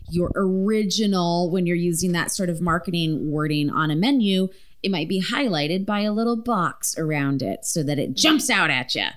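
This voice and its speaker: Give me a chatty woman podcast host who swears freely and talks casually. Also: on the low side.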